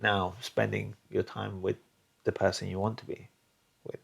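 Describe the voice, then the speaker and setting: Gravelly teasing man. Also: on the low side, level tone, normal speed. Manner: teasing, playful, retells stories with voices. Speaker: host. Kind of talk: casual interview.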